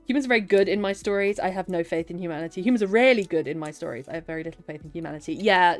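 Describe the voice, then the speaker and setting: A woman chatting casually on a live writing stream, answering her chat and laughing often. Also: mid-range voice.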